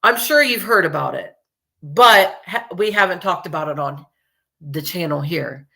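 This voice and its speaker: Chatty, profane woman host, bright voice. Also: fairly low pitch, normal speed, gravelly. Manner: chatty, profane, rambling, laughs often. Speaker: true crime podcast host. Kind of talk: casual chat to viewers.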